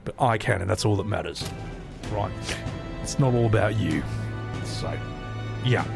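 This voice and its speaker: A man's voice: lowish voice, measured pace, gravelly. A young man giving chatty, swearing let's-play commentary while talking to his chat. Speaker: streamer. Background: game music.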